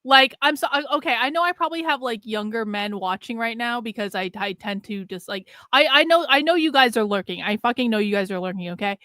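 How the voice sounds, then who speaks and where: A woman's voice: a little high, lively intonation, a little fast, hardly any pauses, pushed and bright, no echo, clean studio sound. A woman co-host in casual commentary, emphatic and exasperated, swearing and filling with "like".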